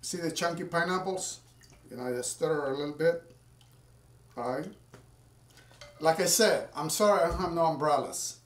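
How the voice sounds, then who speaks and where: In this casual cooking vlog, a home cocktail maker rambles to viewers at home as he makes a drink. His voice is fairly high and moves at a moderate pace, broken up by long pauses. The background is noisy, and the roomy sound suggests he is far from the mic.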